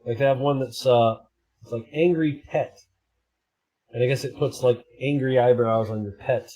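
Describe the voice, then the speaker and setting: At his desk, a man hosts a casual live stream, wandering from one topic to the next and cracking self-deprecating jokes. His middle-pitched voice is mellow, with fairly even intonation and a moderate pace, and the sound is lo-fi.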